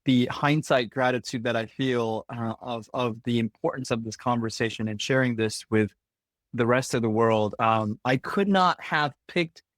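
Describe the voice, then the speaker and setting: Halting, reflective podcast host man. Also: medium pitch, dry recording. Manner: reflective, halting, laughs often. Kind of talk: podcast interview.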